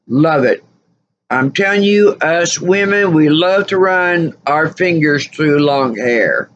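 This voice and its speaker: A woman's voice: low voice, dull audio, slight background noise. A woman vlogger telling a story casually, rambling and full of "you know" fillers.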